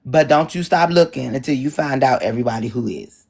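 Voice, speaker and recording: A middle-aged woman moderating an online town hall, chatting casually with a husky voice and joking asides. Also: a bass voice, a little fast, darkish tone. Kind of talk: casual chat to an audience.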